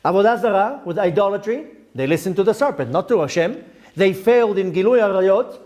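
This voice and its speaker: A man's voice: high voice, animated, brisk, a little mellow. A middle-aged man preaching as a rabbi, emphatic and rhetorical, often asking his listeners questions. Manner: emphatic, rhetorical questions, dips into Hebrew terms. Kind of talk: sermon.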